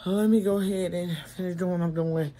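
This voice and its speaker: A woman's voice: on the low side, steady tone, fast, mellow. A woman in her forties chatting casually to her viewers at home and in the car. She rambles, talks straight to camera, and cannot open her mouth fully after tooth extractions. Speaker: vlogger and mother. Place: at home, later in a parked car.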